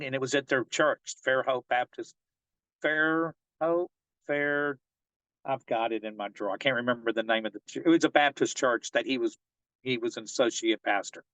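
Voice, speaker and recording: A man's voice: mid-range voice, a bit bright, no echo, lo-fi sound. A man working as a fishing guide, telling a long story in a casual interview and rambling with many restarts and fillers.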